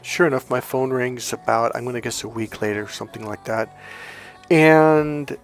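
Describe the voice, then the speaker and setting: A man's voice: medium pitch, moderate pace, soft background music. A middle-aged man, a life coach, telling a personal story in casual, chatty monologue and acting out the dialogue. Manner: chatty, retells dialogue with lively shifts, swears casually.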